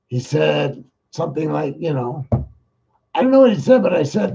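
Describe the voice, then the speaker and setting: A man's voice: fairly high pitch, sing-song, creaky, warm tone, slightly rough, dull audio. A man hosting his own podcast, talking in a rambling, exasperated political monologue. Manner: rambling, exasperated, talks fast. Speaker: podcast host.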